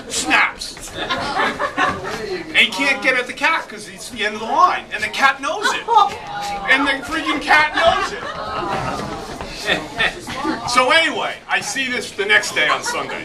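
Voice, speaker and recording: A middle-aged man spins a comic story at a reunion party, laughing through it and bursting out loudly at the funny bits. His voice sits very high, and it is picked up from a distance by a camera. A loud crowd talks all around him. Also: very noisy. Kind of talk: animated anecdote told to a crowd.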